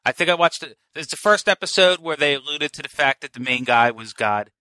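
A man's voice: a little high, expressive, a little fast, sharp tone, no room sound. A man co-hosting a casual podcast chat, talking in blunt, exasperated complaints. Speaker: podcast co-host.

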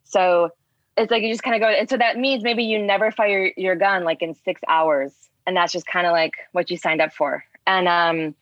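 A woman guest in a casual chat, telling rambling, animated stories packed with fillers. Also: fairly low pitch, moderate pace, no echo, lo-fi sound. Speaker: spearfishing guest.

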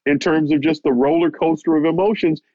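Male reporter, animated storyteller, dull dry recording. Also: on the high side, fairly quick, dry recording. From United States. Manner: animated, keeps repeating "he said" while retelling. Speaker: boxing reporter, interview guest. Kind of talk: storytelling anecdote. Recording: muffled lo-fi, dry audio.

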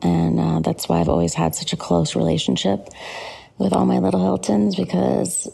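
A woman talks in a low, heavily creaky vocal fry with a dark, husky tone. She gushes casually through a late-night recap, tired and ready for bed, with plenty of fillers. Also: completely flat delivery, normal speed. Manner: chatty and gushing, with many fillers. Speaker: podcast host.

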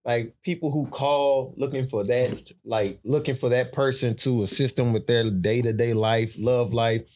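A man's voice: medium pitch, fairly even intonation, normal speed, a little mellow. A man co-hosting a podcast, talking casually with profanity and asking baffled questions. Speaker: podcast co-host.

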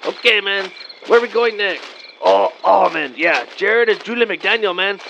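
A man's voice: sits high, moderate pace, creaky, bright, forceful tone. A man in his thirties doing an improvised comedy sketch in a laid-back slacker drawl, always saying "man" and "vato". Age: 30s. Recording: dull lo-fi audio with faint night noise.

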